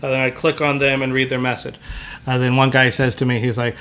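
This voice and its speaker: A man recounting his hunting encounters on a podcast. His voice sits at an ordinary middle pitch, and he rambles loosely, dropping "like" into almost every sentence. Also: level tone, quick pace, fairly bright tone. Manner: rambling, full of "like" fillers. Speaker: podcast guest telling hunting stories. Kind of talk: casual storytelling.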